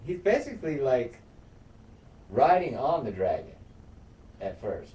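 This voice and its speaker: A man in casual podcast chat, excitedly recapping a TV episode, swearing and acting out scenes with sound effects. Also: mid-range voice, measured pace, dull audio. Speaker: podcast co-host. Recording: echoey room, mic at a distance, faint noise.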